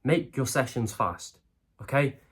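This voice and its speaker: A man's voice: medium pitch, animated, a little slow, slight background noise. Blunt young man giving crude advice. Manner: blunt, swears freely, drops in "okay?" and "right?" a lot. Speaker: self-help video host. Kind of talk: blunt motivational monologue.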